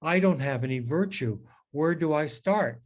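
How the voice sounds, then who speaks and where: Brief: eager young priest, worked-up and hurried, voice pitched well up, played by a male speaker. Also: expressive, natural voice. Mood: eager flustered. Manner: flustered, hurried questions.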